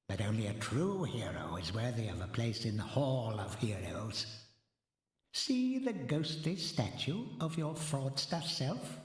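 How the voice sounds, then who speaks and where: An actor playing a mocking male stone gargoyle who guards a hall, speaking theatrically and sinking to a hiss, in a video game. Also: medium pitch. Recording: echoey reverberant room.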